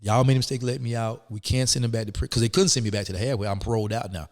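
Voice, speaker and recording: A man's voice: mid-range voice, racing, in a large hall. A man, telling his story as a guest in a casual interview and acting out the people in it. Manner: animated, acts out quoted people.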